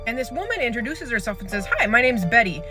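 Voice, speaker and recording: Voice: medium pitch, sing-song, fast talker. Rambling storyteller over background music. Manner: rambling, with many fillers and acted-out quotes. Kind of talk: casual spoken storytelling. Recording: clear music bed under the voice.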